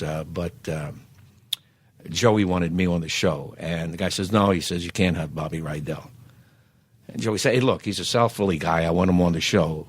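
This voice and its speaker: Older man rambling with deep voice. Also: dry recording. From South Philadelphia, USA. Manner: rambling, halting, many fillers, laughs while telling stories. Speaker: guest entertainer. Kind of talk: casual storytelling interview.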